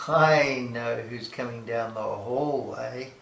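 A woman's voice: deep voice, animated, slow pace, distant mic, a little hiss or hum. A woman reading a children's picture book aloud, playfully imitating animal sounds. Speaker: storybook reader. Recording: echoey room.

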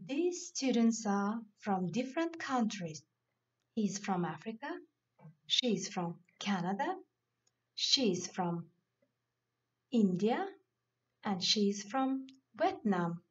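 A woman teacher going slowly through English vocabulary lists of countries and nationalities in a classroom lesson. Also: mid-range voice, very animated, husky. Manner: reads word lists slowly and deliberately. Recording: dull lo-fi recording.

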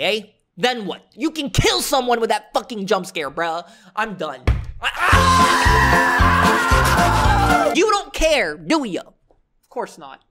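A young man commenting on a horror game, joking and shouting at the scares. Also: high-pitched. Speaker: gaming commentator.

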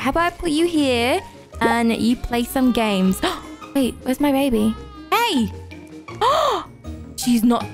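A young woman narrating a game she plays, flustered and rapid, jumping up high when she panics and putting on fake crying. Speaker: gaming YouTuber. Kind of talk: let's-play commentary. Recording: game music playing behind.

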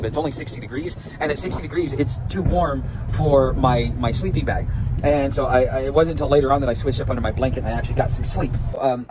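A man telling a rambling, animated story about his hike in a casual outdoor vlog with lots of restarts. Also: mid-range voice. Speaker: vlogger. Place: outdoors at a campsite. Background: wind and outdoor ambience.

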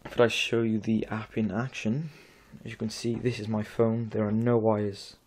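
This is casual demo talk from a young Welsh man in his late teens showing off an app he made at home. He rambles and pokes fun at himself, with a lowish, darkish voice, little pitch movement and normal speed.

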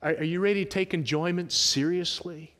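High-voiced preacher man in a reverberant hall. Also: fairly quick. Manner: animated, emphatic preaching with sudden rises and drops. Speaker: pastor. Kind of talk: sermon. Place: church sanctuary. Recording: long church hall reverb.

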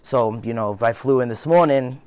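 A man's voice: mid-range voice, moderate pace, darkish tone, clean tone, no echo. A man in his twenties with a Boston accent telling a story casually. His talk rambles, is full of "like" and "you know", and he acts out what he said back then. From Boston area. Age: 20s. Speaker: interviewee.

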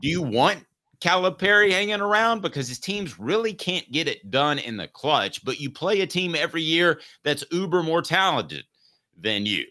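A middle-aged man hosting a sports talk show, talking in an animated, joking way. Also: on the high side, normal speed. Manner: animated, does mock impressions.

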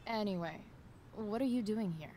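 An actress voicing a rebellious, sarcastic teenage girl in a video game, with a low sardonic drawl. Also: moderate pace, mellow, slight background noise, close to an everyday voice. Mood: flat.

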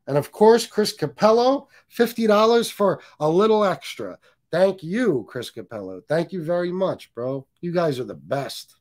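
A man's voice: high-pitched, a little mellow. A man hosting a casual livestream, joking, cursing, and reading viewer comments aloud. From US Northeast. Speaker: livestream host.

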